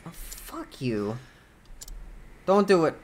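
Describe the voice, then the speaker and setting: A man's voice: on the high side, sing-song, takes it slowly, a little hiss or hum. A young man giving casual let's-play commentary, laid-back and profane, thinking aloud as he plays. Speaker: gaming channel host.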